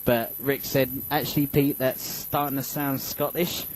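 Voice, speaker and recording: A man with a medium-pitched, fairly even voice talks a little slowly, hosting a casual radio show into a studio microphone. He rambles with lots of fillers and restarts, joking and poking fun at himself, and the rough recording carries slight background noise.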